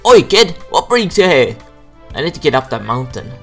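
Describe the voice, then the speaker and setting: A young man puts on a gruff townsman with a put-on accent, who gives hearty, folksy advice to a newcomer. His voice rises and falls a lot, with soft music behind. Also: medium pitch, expressive, normal speed.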